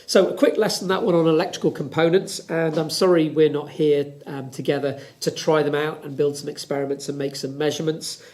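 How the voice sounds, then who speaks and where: A man's voice: a little high, steady tone, a little fast, hardly any pauses, darkish tone. A middle-aged man teaching a physics lesson from home, chatty and explaining step by step while he demonstrates.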